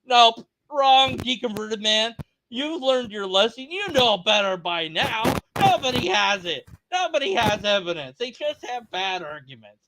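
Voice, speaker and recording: A man's voice: very high-pitched, sing-song, moderate pace, few pauses, sharp tone, slight background noise. A man hosting a reaction video, ranting at a clip with sarcastic, exasperated, over-the-top comedy.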